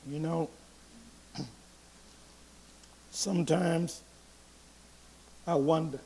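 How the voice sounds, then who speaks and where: A man preaching a sermon as pastor, reading scripture aloud and swinging between quiet reflection and loud emphasis. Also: fairly high pitch, fairly even intonation, extremely slow, a little hiss or hum.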